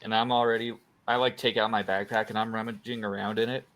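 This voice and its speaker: A man plays in a tabletop game and lays out his character's actions in a relaxed way. His tone is bright and forceful. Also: lowish voice, quick pace. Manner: relaxed, storytelling his moves. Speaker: player. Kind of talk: tabletop role-play chat.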